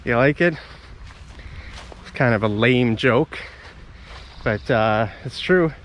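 A man's voice: medium pitch, lively intonation, takes it slowly, fairly bright tone, a little hiss or hum. A man recording a casual walking vlog outdoors for his English learners, talking in a chatty, rambling way and a bit out of breath. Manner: chatty, rambling, friendly to viewers. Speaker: English teacher YouTuber. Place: outdoors on a forest path.

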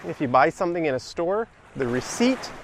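Vlogging man, slightly high voice, rambling and wry, outdoors with faint background noise. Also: big pitch swings, a little fast. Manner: chatty, rambling, wry humor. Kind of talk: casual walking vlog. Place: outdoor riverside park.

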